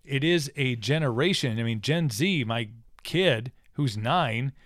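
A man's voice: mid-range voice, animated, unhurried, a bit bright, no echo, studio quality. A man in casual conversation about the radio business, talking thoughtfully with many restarts. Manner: talks in restarts and fillers, thoughtful.

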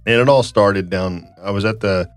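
A man's voice: lowish voice, moderate pace, soft background music. A man hosting a casual podcast, telling a rambling story and laughing often. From United States. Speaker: podcast host. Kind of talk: casual chat.

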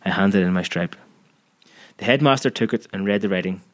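A man with a fairly low voice reads a story aloud as scripted audiobook narration. His delivery is measured and vivid, drawing the listener through each scene. He keeps a steady storyteller's pace.

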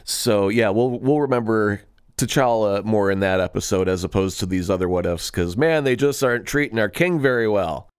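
A man's voice: lowish voice, moderate pace, clean tone, dry recording, clean studio sound. A man co-hosting a podcast, chatting casually and joking with his co-host. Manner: joking, playful. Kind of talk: casual chat.

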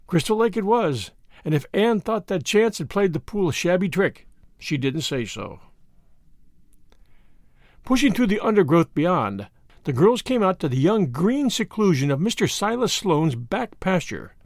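A man reading a story aloud as narrator, in an expressive storytelling manner. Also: high-pitched, a little slow, no room sound, clean studio sound. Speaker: audiobook narrator. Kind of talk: scripted narration.

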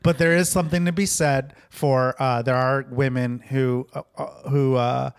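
A man's voice: medium pitch, fairly even intonation, normal speed, clear, resonant tone, no echo. A man hosting a casual podcast, asking probing questions with dry teasing. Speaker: podcast host.

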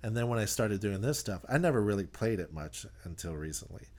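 A man, a touring musician, chatting in an interview with animated, rambling talk full of restarts. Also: lowish voice, fairly quick. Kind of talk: casual interview chat.

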